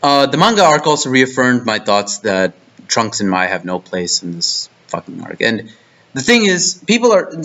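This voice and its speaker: A man's voice: medium pitch, bright, forceful tone. A young man reviewing an anime arc in a profane, exasperated rant full of restarts. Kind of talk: ranting video review. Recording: dull lo-fi mic.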